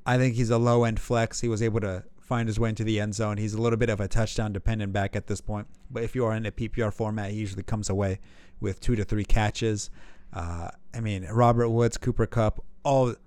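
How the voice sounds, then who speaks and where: Man, casual sports chat, animated, jokey, dry recording. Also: fairly low pitch, a little fast, smooth, no room sound. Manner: animated, jokey, rambling with restarts. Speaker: podcast co-host. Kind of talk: casual fantasy football chat.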